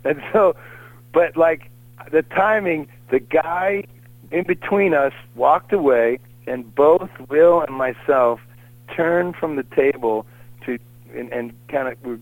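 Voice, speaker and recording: A man's voice: mid-range voice, unhurried, dry recording, narrow, tinny audio. A middle-aged man telling anecdotes in a casual, rambling way as an interview guest. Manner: animated, rambling anecdotes with lots of fillers.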